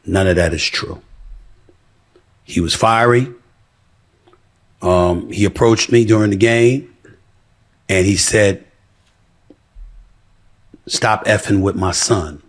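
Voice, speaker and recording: A man sports commentator recounting an incident on air in a forceful way, getting animated when he quotes others. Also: low voice, vocal fry, slightly rough.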